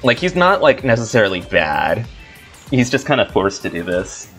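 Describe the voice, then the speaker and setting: A man's voice: fairly low pitch, big pitch swings, moderate pace, fairly bright tone, soft background music. Rambling young man playing a game. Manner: rambling, filler-heavy, laughs a lot. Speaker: let's play host. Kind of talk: casual game commentary.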